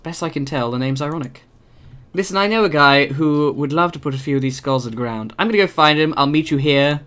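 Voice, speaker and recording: A man's voice: fairly high pitch, a little fast, fairly bright tone, clear, resonant tone, lightly acted. Man doing a posh haughty nobleman. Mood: aloof. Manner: upper-class, clipped delivery.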